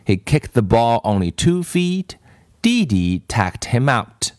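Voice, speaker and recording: A man narrating a children's storybook in an expressive read-aloud style. He takes his time and lets his pitch move a lot. The recording is close and dry. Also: slow pace, no room sound.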